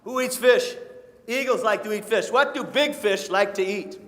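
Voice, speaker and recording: A man from Michigan runs a nature talk for a family audience, cracking jokes and getting everyone to repeat words back to him. His voice sits high for a man. The sound carries the long reverb of a large hall. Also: expressive, normal speed, fairly bright tone. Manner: playful, call-and-response, sings short songs. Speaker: nature educator. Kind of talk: live audience presentation for families. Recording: echoey hall.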